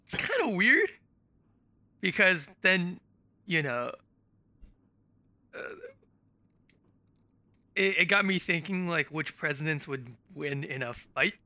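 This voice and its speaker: Bright-voiced joking man, lo-fi. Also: fairly high pitch, sing-song, takes it slowly, pauses often, no echo. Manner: jokey, offhand. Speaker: podcast co-host. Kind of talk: casual chat. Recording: dull lo-fi sound.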